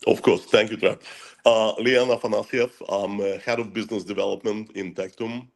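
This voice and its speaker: A man speaking as a panel guest, halting and pausing often with fillers. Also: on the low side, steady tone, vocal fry. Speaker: head of business development, panel guest. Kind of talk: panel discussion.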